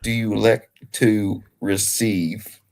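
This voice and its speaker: A man's voice: fairly low pitch, steady tone, takes it slowly, darkish tone. A man putting on a thick Southern drawl as a hammy football coach calling a coin toss. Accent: put-on Southern US drawl. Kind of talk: comic impression.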